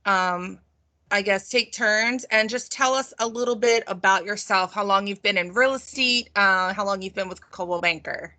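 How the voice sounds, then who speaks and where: A woman's voice: mid-range voice, normal speed, bright, forceful tone, dry recording. A woman hosting a video call panel interview, upbeat and encouraging as she moves from guest to guest. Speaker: host.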